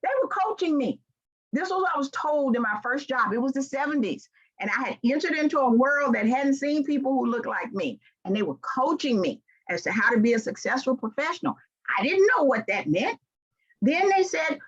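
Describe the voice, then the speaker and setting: A woman's voice: high voice, normal speed, husky, dull audio. A woman in her sixties with a Southern American accent, giving an earnest, emphatic motivational talk as a keynote speaker. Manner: earnest and emphatic, with rising animated stretches.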